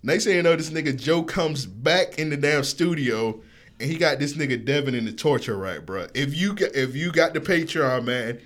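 A man's voice: a little high, animated, normal speed, a bit bright. A man co-hosting a podcast, chatting loosely and laughing often between lines. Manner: laughing, loose banter with frequent "bro". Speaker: podcast co-host. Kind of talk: casual chat. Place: home studio.

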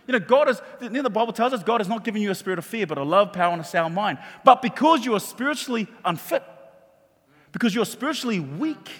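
A man preaching a sermon in a church hall, animated and jokey, often repeating his words. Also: high-pitched, fast talker. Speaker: pastor. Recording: long hall reverb.

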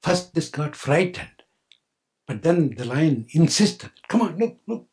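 A man's voice: a little high, very animated, unhurried, a little mellow, breathy edge. An older man giving a spiritual talk as a playful story, laughing often and acting out the voices of the characters. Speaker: spiritual teacher. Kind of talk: storytelling sermon.

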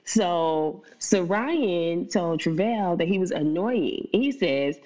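Woman podcast co-host, low-ish voice, lively and chatty, dull lo-fi recording. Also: slow, hardly any pauses. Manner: animated storyteller, laughs often, mimics baby talk. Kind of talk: casual chat.

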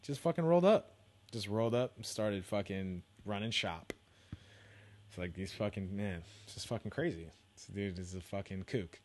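Young male podcast host, slightly low voice, loose profane rambling delivery. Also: normal speed, a little mellow. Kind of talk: casual solo podcast rant.

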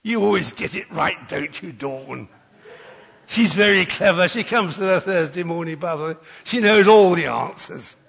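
A man's voice: high-pitched, animated, unhurried, vocal fry, fairly bright tone, slightly rough, big-room sound. An older man preaching an Easter sermon, rousing and leading the congregation in call-and-response.

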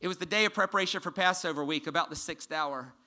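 A man preaching a sermon to a congregation from a church stage, quizzing the listeners and swinging from loud emphasis to hushed tones. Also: a little high, fast. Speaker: pastor.

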